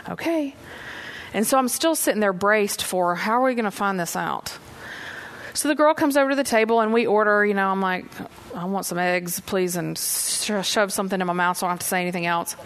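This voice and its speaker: Woman preaching, gravelly voice. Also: medium pitch, a bit bright. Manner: conversational storytelling, acts out her own reactions. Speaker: women's ministry leader preaching. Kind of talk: sermon.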